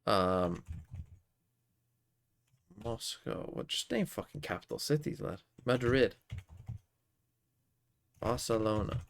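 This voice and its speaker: Gravelly man muttering quiz guesses. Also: lowish voice, expressive, takes it slowly, pauses often. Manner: muttering guesses with frequent swearing. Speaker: streamer. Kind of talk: casual live-stream commentary while playing quiz games.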